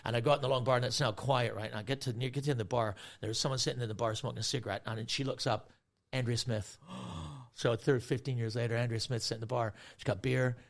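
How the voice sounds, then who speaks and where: A man in his forties, a guest comedian, telling a story in an animated way, swearing freely and acting out other people's voices. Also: mid-range voice, quick pace, vocal fry. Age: 40s. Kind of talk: casual storytelling.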